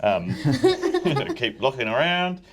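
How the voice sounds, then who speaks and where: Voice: medium pitch, wildly swooping pitch, slow pace, slight background noise. A tabletop game player who talks in character in a giggly, rambling way. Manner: giggly, rambling, self-talking.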